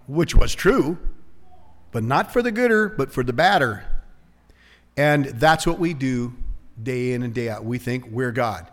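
A man preaching a conversational sermon as pastor, shifting into a soft hush for prayers. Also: mid-range voice, expressive, unhurried, long pauses, in a large hall.

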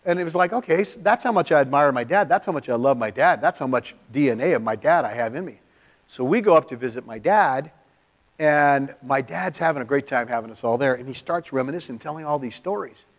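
A middle-aged man from California preaching in a church, telling a personal story in an emotional, confessional way, often dropping to a near-hush. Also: medium pitch, animated, fairly quick. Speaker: pastor. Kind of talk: sermon storytelling.

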